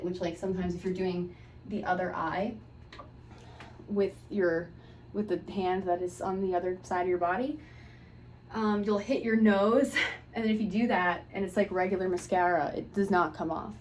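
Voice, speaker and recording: A woman's voice: medium pitch, moderate pace, darkish tone, recorded from a distance. A woman hosting her podcast while doing her makeup, talking in a casual, rambling way with wry asides. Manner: chatty, offhand, wry asides. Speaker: podcast host. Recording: echoey room, voice away from mic, faint hiss.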